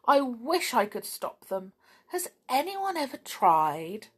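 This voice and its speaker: A woman voicing a kind, gentle old lady neighbour who pleads softly. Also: lowish voice, big pitch swings, takes it slowly, breathy edge, exaggerated voice. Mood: pleading.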